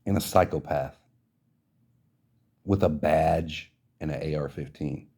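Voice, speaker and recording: A man's voice: rumbling low, slow, creaky, mellow, slightly rough. A man hosting a podcast, delivering an indignant, profane rant of social commentary. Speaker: podcast host.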